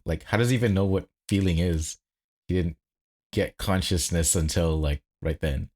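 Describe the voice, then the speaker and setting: A man co-hosting a podcast in casual film chat, with deadpan sarcasm and stumbling restarts. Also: sits low, normal speed. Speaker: podcast co-host. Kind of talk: casual movie review chat.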